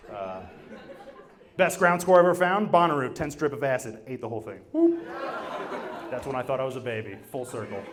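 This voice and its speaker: Performing for a laughing crowd in a gym, a young comedian rambles through profane stories, his pitch swooping wildly and jumping fast whenever he quotes someone. The live room is full of crowd noise.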